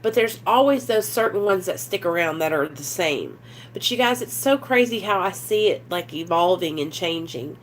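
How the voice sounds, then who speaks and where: A woman's voice: fairly low pitch, animated, moderate pace, a little hiss or hum. A young woman, vlogging candidly in a rambling, earnest way that leans heavily on fillers. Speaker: recovery vlogger. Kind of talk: candid confessional vlog.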